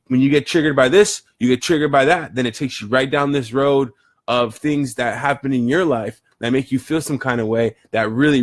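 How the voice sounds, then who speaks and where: A man's voice: medium pitch, no echo. Earnest man musing in a dry room. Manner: earnest, rambling, repeats words while thinking. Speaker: motivational vlogger. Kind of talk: reflective casual monologue.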